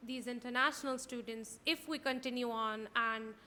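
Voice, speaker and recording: A young woman co-hosting a podcast, chatting casually with plenty of "like" and quick agreement. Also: a little high, steady tone, bright, forceful tone, a little hiss or hum. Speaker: podcast co-host.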